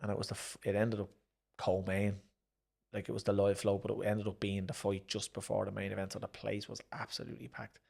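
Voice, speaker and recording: His voice is fairly low, gravelly and a bit breathy, and he talks slightly quickly. A middle-aged Irish ex-boxer and promoter, he relaxes into fight stories during a sit-down interview, animatedly acting out others' words in raised voices.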